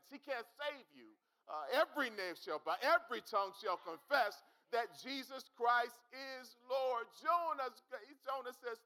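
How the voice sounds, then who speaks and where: A male pastor preaching in a church with a very high, bright, piercing voice. He speaks fervently and repeats phrases for emphasis. He calls out directly to his congregation. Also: expressive, moderate pace, poor audio. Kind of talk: sermon.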